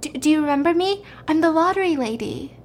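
A sugary, scheming lottery saleswoman, as a woman puts her on, pitched high and fussing with stammered concern. She sounds sweet on the surface. Faint room ambience hums behind. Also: animated, brisk, a little mellow, slight background noise.

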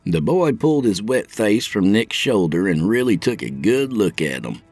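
A man's voice: lowish voice, very animated, moderate pace, darkish tone, breathy edge, faint music behind. A man narrating a gritty first-person story, his storytelling vivid. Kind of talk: audiobook narration.

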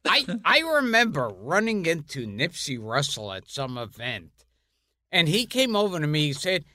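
A man co-hosting a podcast and chatting with a guest in a slow, deadpan comic way. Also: on the high side, no echo, clean studio sound. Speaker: podcast co-host. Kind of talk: casual interview chat.

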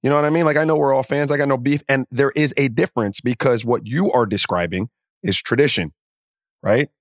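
A podcast co-host offers strong opinions in casual sports talk, speaking a little fast at a medium pitch. He's emphatic and often restarts his sentences, and the studio-quality recording has no room sound.

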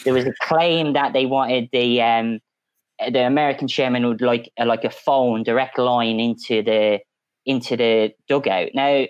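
A man's voice: mid-range voice, unhurried, clear, resonant tone, no room sound, dull audio. Man telling a football story, dry sound. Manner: storytelling, animated, many restarts. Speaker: football journalist panelist. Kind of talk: casual podcast chat.

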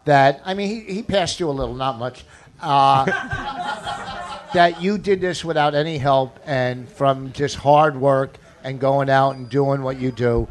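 A man's voice: medium pitch, unhurried. A man hosting a podcast, chatting and teasing his guest. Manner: joking, teasing. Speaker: podcast host. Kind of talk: casual chat.

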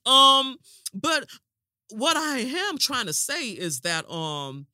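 A woman's voice: sits high, expressive, takes it slowly, pushed and bright, dry recording, pitched above the performer's own voice, full character voice. A woman voicing a folding chair guest with a folksy American drawl, self-amused and chatty. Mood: earnest.

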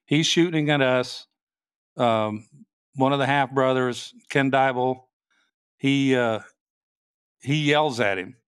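In a casual interview, a state trooper tells his story, halting and restarting sentences as he goes. His mid-range voice is smooth, captured in clean studio sound without room noise.

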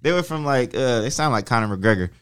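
Laid-back young man, lively pitch. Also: fast, smooth. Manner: laid-back, swears casually, animated retelling. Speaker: podcast guest. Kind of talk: casual chat.

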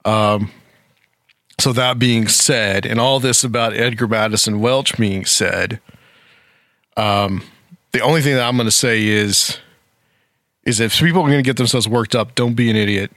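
A man's voice: mid-range voice, measured pace, long pauses, a bit bright, no room sound, studio quality. A man hosting a talk show, speaking casually and rambling with frequent fillers. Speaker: podcast host.

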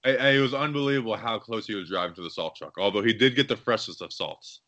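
A man's voice: on the low side, quick pace, lo-fi sound. A young man co-hosting a casual sports podcast, rambling and joking through his stories. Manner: rambling, joking, animated storytelling. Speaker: podcast co-host.

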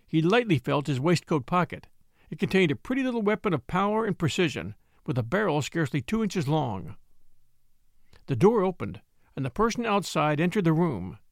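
A man narrating a classic story as an audiobook in an expressive storytelling manner. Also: a little high, moderate pace, dry recording, studio quality.

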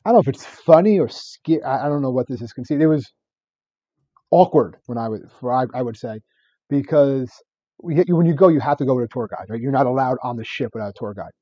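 Rapid, rambling man in his thirties, mellow tone; podcast co-host, slightly muffled mic. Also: mid-range voice, no room sound. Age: 30s. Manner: rambling, laughs often, stacks fillers. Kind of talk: casual history chat.

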